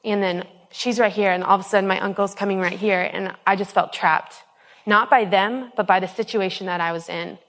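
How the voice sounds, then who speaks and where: A woman's voice: medium pitch, steady tone, a little fast, fairly bright tone. A woman in her twenties sharing a personal faith testimony in an earnest, rambling way, with many ums and restarts. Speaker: speaker giving a personal testimony. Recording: long hall reverb.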